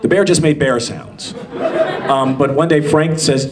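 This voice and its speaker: A man's voice: a little high, a little slow. A male voice actor telling a story on a convention panel, rambling and laughing, with lots of fillers. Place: convention panel room with audience. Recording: crowd noise in a panel hall.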